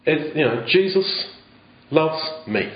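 A man's voice: on the high side, lively intonation, takes it slowly. A man preaching a sermon in an earnest way, asking rhetorical questions and often restarting his phrases. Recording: echoey, dull lo-fi sound.

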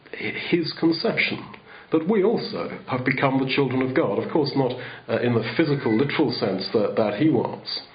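A man preaching in a loose, conversational sermon, restarting and circling back on his words. His voice sits at a middling pitch, and the recording sounds a little dull and lo-fi. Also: slight background noise. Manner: rambling, conversational, many restarts.

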